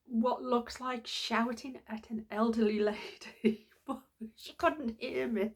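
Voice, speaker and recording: A woman's voice: a little high, animated, takes it slowly, breathy edge. A middle-aged woman vlogging, telling a personal story in an earnest, heartfelt, rambling way.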